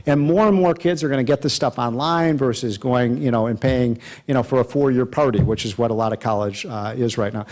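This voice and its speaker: A man in mid-range pitch speaks to a live audience in a hall in a loose, folksy way, scattering "you know" through his sentences. He restarts his phrases often and builds toward a punchline as he tells a story. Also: a little fast, hardly any pauses, darkish tone. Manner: folksy, rambling, many fillers. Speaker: guest speaker. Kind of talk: public speech with an anecdote.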